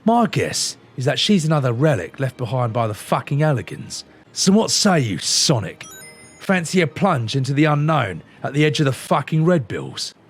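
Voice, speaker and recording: A man voicing a gruff, swaggering male sky pirate captain who swears freely and talks in rough slang, over a game's cutscenes. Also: medium pitch, big pitch swings, normal speed, faint music behind, lightly acted.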